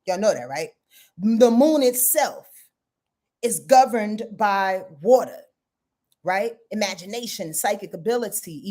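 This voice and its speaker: A woman astrologer hosting a casual live stream, chatty and goofy, talking straight to her viewers and laughing at her own slips. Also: medium pitch. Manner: animated, chatty, addresses viewers as y'all.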